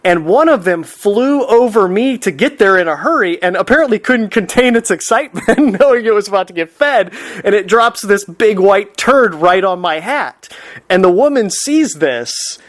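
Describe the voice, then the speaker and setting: A man telling a personal story in an unhurried, reflective way, often laughing as he talks. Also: high-pitched, lively intonation.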